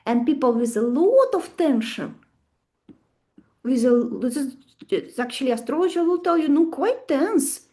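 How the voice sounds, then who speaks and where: A woman leads a live astrology lesson, quizzing her class and acting out little stories. Her voice sits high, with a soft, mellow tone. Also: a little slow. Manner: animated, asks the class questions, acts out stories. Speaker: astrology teacher.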